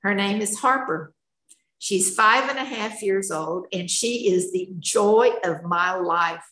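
A woman's voice: medium pitch, takes it slowly, pushed and bright. An older woman, a retired schoolteacher, telling her life story in a candid, plainspoken, folksy way. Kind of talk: personal storytelling, candid share. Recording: echoey room.

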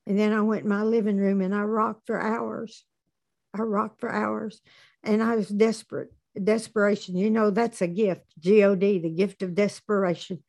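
A woman giving a personal testimony at a recovery meeting, telling her story plainly with dark humor. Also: medium pitch, steady tone, moderate pace, gravelly.

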